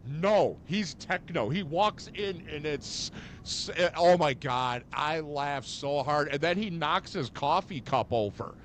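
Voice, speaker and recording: A man with a slightly raised pitch chats on a podcast, rambling and animated as he tells stories. A faint rumble sits under his voice. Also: takes it slowly. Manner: rambling, animated storyteller with fillers. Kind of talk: casual chat.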